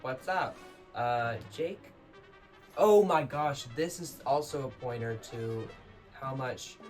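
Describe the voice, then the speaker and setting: A man talking casually through his thoughts on a film, rambling and restarting himself often. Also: medium pitch. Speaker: vlogger explaining a film. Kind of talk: casual unscripted commentary. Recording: faint music behind the voice.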